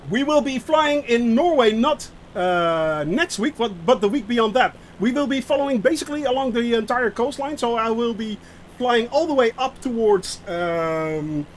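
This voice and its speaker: Streamer, male: high pitched and very animated, chatty and self-mocking, halting with fillers, a faint hum under the desk mic. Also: low-quality recording. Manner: rambling, self-mocking, answers chat aloud; halting, many fillers and restarts. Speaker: flight sim streamer. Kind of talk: live-stream chat while playing.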